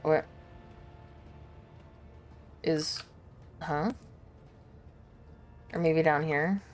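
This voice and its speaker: A woman's voice: low voice, fairly even intonation, drawn-out words, soft background music. A woman streamer chatting casually while playing a game, self-deprecating and chatty.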